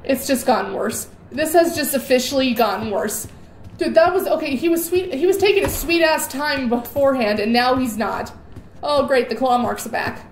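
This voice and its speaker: A woman's voice: sits high, normal speed. A young woman giving jittery, rambling commentary on a horror game and repeating words in nervous bursts. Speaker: gaming YouTuber. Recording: echoey room with faint noise.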